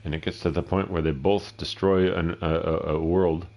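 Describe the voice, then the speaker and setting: A man's voice: deep voice, flat delivery, moderate pace, vocal fry, a little mellow. A middle-aged man giving casual, rambling, profane commentary while streaming a game, often talking to himself. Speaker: gameplay streamer.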